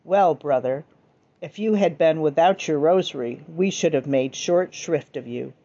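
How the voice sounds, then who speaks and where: Mocking male devil, read by a woman; low and mellow, lo-fi recording. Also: a little slow.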